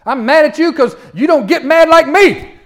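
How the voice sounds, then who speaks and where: A man's voice: very high voice, racing, pitched above the performer's own voice. A man acting out a furious ranting prophet. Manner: shouting, indignant. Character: furious indignant male prophet ranting at God.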